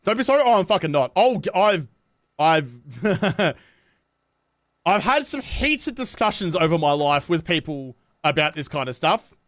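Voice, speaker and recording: Still gaming on his livestream, this New Zealand-accented man rants with passion and curses a lot between casual chat. His pitch runs on the high side with big swings, at a measured pace and slightly bright.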